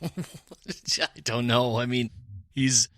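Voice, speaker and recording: Easygoing man with a bright, dry voice. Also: medium pitch, extremely slow, no room sound. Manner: easygoing, reflective. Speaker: podcast co-host. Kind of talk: casual podcast chat.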